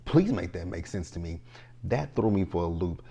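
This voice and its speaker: A young man giving a casual, animated recap of a TV episode, talking straight to the characters in exasperation. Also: low-pitched, normal speed, vocal fry, slightly rough. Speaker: TV show reviewer.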